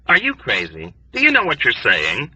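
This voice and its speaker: A man reading an audiobook, voicing a frantic young male airman who shouts and pleads in agitation. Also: medium pitch, wildly swooping pitch, moderate pace, breathy edge, no echo, heavily acted, rough recording. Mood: frantic pleading.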